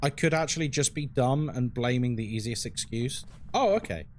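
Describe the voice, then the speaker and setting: A man's voice: medium pitch, moderate pace, a little hiss or hum. A man with a London accent, chatting frankly on a live game stream and answering his chat as he plays. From England.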